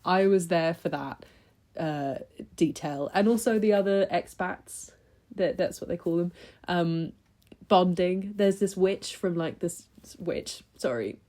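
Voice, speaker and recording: A woman's voice: lowish voice, unhurried, dark tone. A young woman talking through books she read in a chatty, enthusiastic vlog, with lots of ums and restarts. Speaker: book vlogger. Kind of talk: casual book review chat.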